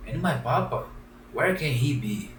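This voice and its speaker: A man's voice: mid-range voice, expressive, a little slow, pitched above the performer's own voice, lightly acted. A man voicing a despairing young wooden puppet boy, pleading in a raised, tearful voice. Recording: roomy, distant, faint background hiss.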